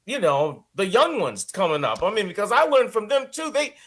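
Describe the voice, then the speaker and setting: A man with a high voice talks as an interview guest. He is expressive and rambling, often restarting his sentences as he goes. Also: moderate pace. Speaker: voice actor guest. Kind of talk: casual interview chat.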